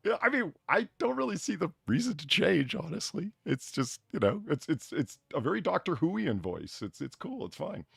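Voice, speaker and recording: Excitable, profane man, gravelly and husky. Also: a little high, normal speed, few pauses, dry recording, studio quality. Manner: profane, excitable, laughs a lot. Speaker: podcast host. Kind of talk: casual chat.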